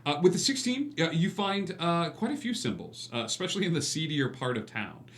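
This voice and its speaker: A man narrating as game master of a tabletop game, relaxed and full of fillers. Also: on the high side, fairly quick. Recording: echoey room with faint hum.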